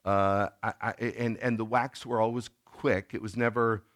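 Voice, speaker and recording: A man's voice: lowish voice, steady tone, moderate pace. Man preaching in a conversational tone. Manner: conversational preaching, acts out scenes with sudden loud outbursts. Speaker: pastor. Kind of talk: sermon.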